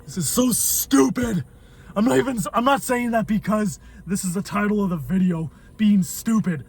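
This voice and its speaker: A man's voice: high voice, normal speed, darkish tone, husky. A man vlogging from his car in a waiting line, grumbling and swearing in irritated rants. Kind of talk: ranting car vlog.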